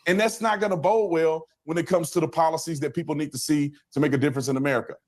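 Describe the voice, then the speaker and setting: Insistent fast-talking man. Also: on the high side, fairly even intonation, darkish tone. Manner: insistent, repetitive. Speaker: debate guest. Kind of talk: heated debate.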